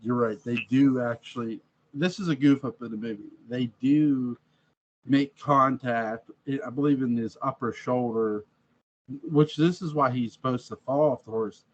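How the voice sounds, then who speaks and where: A man of middle pitch rambles through his thoughts on a western, doubling back and restarting often. The recording sounds dull and lo-fi. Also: normal speed. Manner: rambling, with frequent restarts and laughs. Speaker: movie reviewer. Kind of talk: casual film review chat.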